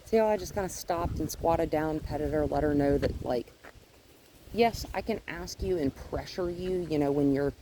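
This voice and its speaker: A woman training a dog, explaining her method in a gentle, coaching way while coaxing the dog along. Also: low-pitched, normal speed, noisy background. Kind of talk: casual training narration. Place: outdoors with a dog.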